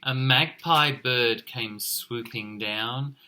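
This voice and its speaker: A male teacher reading a picture book aloud to children, expressive and encouraging as he points things out. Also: mid-range voice, slow pace, slight background noise.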